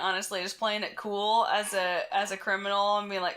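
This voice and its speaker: A woman co-hosting a podcast, telling stories in casual chat with a deadpan, profane delivery. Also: mid-range voice, brisk, few pauses. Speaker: podcast co-host.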